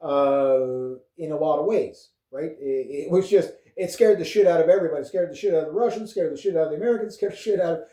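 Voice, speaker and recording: Canadian male vlogger, mellow voice sitting a touch high, rambles and swears, roomy echo. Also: quick pace. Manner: rambling, profane, with frequent fillers and chuckles. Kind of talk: casual political rant. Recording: echoey room.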